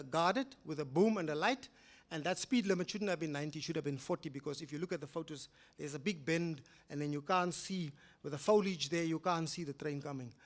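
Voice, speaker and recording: High-voiced older South African man lecturing. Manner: animated, swings between loud emphatic rises and quiet low asides. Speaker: judge giving a public lecture. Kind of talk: public lecture, storytelling. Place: lecture hall.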